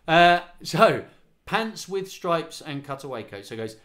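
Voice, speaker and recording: With lively intonation, normal speed and a fairly bright mid-range voice, this forties-aged man leads kids through a live online singing rehearsal. He sings lines, counts them in and offers chatty encouragement, accompanying himself on acoustic guitar during a home livestream.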